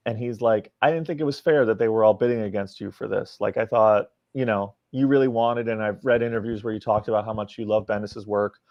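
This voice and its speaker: A man's voice: lowish voice, steady tone, a little fast, few pauses, dry recording. A man, a comic book writer guest in a podcast interview, telling a casual anecdote and acting out the quoted dialogue. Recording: dry, dull lo-fi sound.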